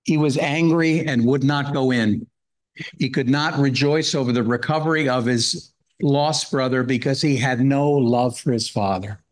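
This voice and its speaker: A man's voice: medium pitch, moderate pace, low-quality recording. A man giving a Bible-hour sermon, earnestly reading scripture and explaining it verse by verse. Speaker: guest speaker at a Bible hour.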